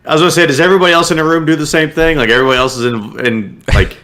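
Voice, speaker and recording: A man's voice: a little high, rapid-fire, a bit bright. A man co-hosting a casual comedy podcast, teasing and mocking his friend. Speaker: podcast co-host.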